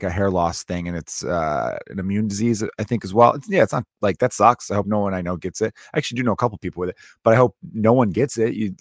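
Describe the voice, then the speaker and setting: A man's voice: lowish voice, dry recording, clean studio sound. A man hosting a podcast, a comedian recapping a story in a rambling, profane, self-interrupting monologue. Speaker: podcast host.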